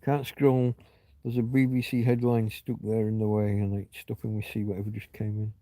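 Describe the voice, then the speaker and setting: A man's voice: on the low side, little pitch movement, normal speed, dark tone, no echo. A middle-aged man hosting a casual livestream from home on his phone, meandering and reminiscing, often trailing off and restarting his thoughts. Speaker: livestream host. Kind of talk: rambling casual chat.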